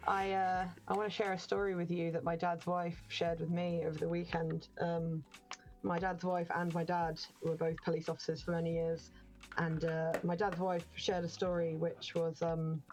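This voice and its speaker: A woman's voice: on the low side, level tone, normal speed, a little mellow. A woman co-hosting a game stream, telling anecdotes in a chatty way with plenty of ums and laughing through her stories. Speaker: stream co-host. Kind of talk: casual storytelling chat.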